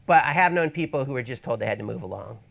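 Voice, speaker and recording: A man's voice: medium pitch, lively intonation, quick pace, gravelly. A man presenting a photography workshop in a casual teaching style, with wry, rambling asides, speaking in an event space to an audience. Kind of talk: casual instructional talk.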